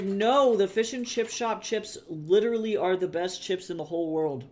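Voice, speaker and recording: A man's voice: high-pitched, moderate pace, a little mellow, a little hiss or hum. An American man streaming, chatting casually with viewers and swearing freely as he reacts to the chat. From United States.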